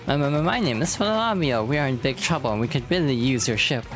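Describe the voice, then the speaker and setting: A woman's voice: a bass voice, animated, fast. A woman voicing a flamboyant, vain male sailor with a raised, showy and wheedling delivery over game music.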